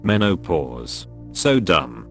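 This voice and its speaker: A man narrating a string of online comments in a scripted reading, spelling out even web links word for word. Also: low-pitched, slow, soft background music. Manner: reads every text literally, web links spelled out.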